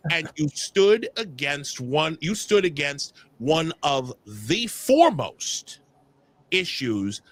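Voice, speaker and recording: A man hosting a podcast in casual chat, animated and excitable, often repeating words. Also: on the high side, slow, dry recording. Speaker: podcast host.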